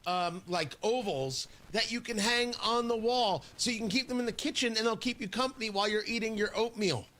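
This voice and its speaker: A man hosting a morning radio show, bantering in a playful, teasing way and hamming up a mock sales pitch. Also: fairly quick, fairly bright tone.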